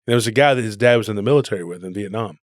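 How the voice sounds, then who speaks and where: A man's voice: on the low side, racing, dry recording, clean studio sound. A man co-hosting a podcast, telling rambling stories in a casual conversational way and often calling people "dude.". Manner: rambling storyteller, says "dude". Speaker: podcast co-host.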